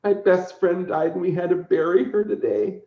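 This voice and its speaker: A man's voice: high-pitched, fairly even intonation, moderate pace, pitched above the performer's own voice, lightly acted. A man voicing a cheerful, morbid little girl who talks in a sweet, sing-song way. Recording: roomy, slightly dull recording.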